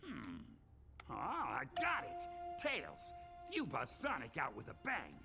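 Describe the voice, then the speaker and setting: Gruff cartoon croc detective, gravelly, animated delivery, score underneath. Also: male voice, medium pitch, slow, over music, heavily acted. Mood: plotting. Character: Vector, gruff adult male crocodile detective. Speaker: cartoon character played on stream.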